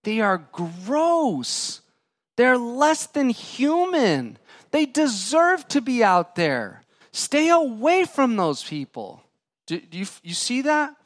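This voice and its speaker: A pastor preaching a sermon to his congregation, emphatic and questioning, swinging between loud and quiet. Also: a little high, no room sound, clean studio sound.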